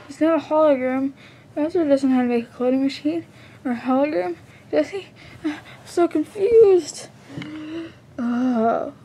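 High-pitched stammering woman voicing a skit. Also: dark tone, breathy edge. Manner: stammering, hesitant restarts. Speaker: fan video maker voicing all characters. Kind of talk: comedic fan skit voicing.

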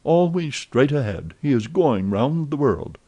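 A man voicing an excitable, talkative young French manservant in an audiobook, eager and full of exclamations. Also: medium pitch, a little slow, pitched above the performer's own voice. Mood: excited chatter.

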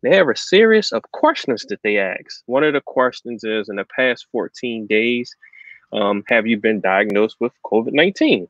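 A man's voice: mid-range voice, lively intonation, normal speed, a bit bright, no echo. A man, a realtor guest, plainly explaining procedures in an interview. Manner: plain, matter-of-fact explaining. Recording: dry, dull lo-fi sound.

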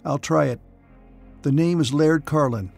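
A man's voice: on the high side, unhurried, gravelly, a little mellow, slightly rough, faint music behind, pitched above the performer's own voice, exaggerated voice. A man voicing a worn-out engineer who speaks wearily and with irritation. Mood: weary. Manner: tired, weary delivery. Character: weary, irritable male engineer.

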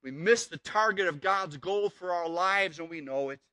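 Pastor, male, high bright voice, earnest emphatic sermon delivery, dry close sound. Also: normal speed, dry recording. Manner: earnest and emphatic, repeating key words.

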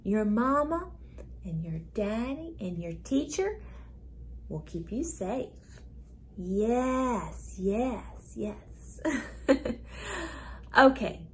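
A woman's voice: a little high, expressive, very slow, pauses often, slight background noise. Sing-song woman teaching preschoolers. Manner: sing-song, gentle, repeats words. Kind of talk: playful talk to young children.

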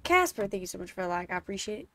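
A young woman streaming a game, reacting loudly, complaining about the levels and thanking viewers in chat. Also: medium pitch, very animated, racing. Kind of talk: casual live-stream gameplay chat. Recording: faint game music behind.

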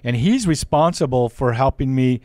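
A man hosting a radio show, chatting in a relaxed, loose way. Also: mid-range voice, moderate pace, no room sound. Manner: relaxed, loose, with Hawaiian greetings. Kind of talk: casual radio interview chat.

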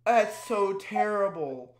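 A young adult host giving casual, animated commentary on old videos. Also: medium pitch, takes it slowly, crowd noise. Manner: animated, laughing, exclaiming. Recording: echoey room.

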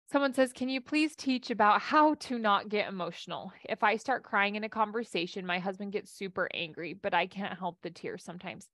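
A woman's voice: lowish voice, moderate pace, a bit bright, no echo, clean studio sound. A woman life coach giving a casual coaching talk and answering audience questions, with a chatty delivery full of restarts.

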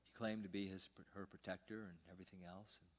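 Older pastor preaching, loud then hushed. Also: male voice, deep voice, flat delivery, quick pace. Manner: storytelling, swings between loud emphasis and hushed near-whispers. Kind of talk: sermon. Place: church sanctuary.

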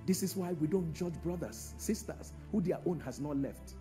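A man preaching a sermon in a large church, calling out to the congregation and swinging from hushed tones to shouts. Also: on the high side, animated, normal speed, music in the background. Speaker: pastor.

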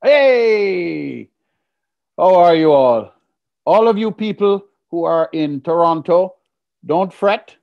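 A Jamaican man from Jamaica performing stand-up comedy over a video call, playful and punning, telling stories with lively delivery. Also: high-pitched, slow, vocal fry, highs cut off. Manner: playful, punning, animated storytelling.

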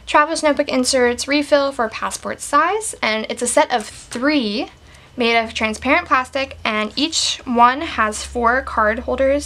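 A fairly high-pitched woman talks through a casual show-and-tell of her stationery setup. Her delivery is chatty and enthusiastic, with frequent "like" fillers. There is a faint hiss beneath her voice. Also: a bit bright. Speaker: stationery and planner vlogger.

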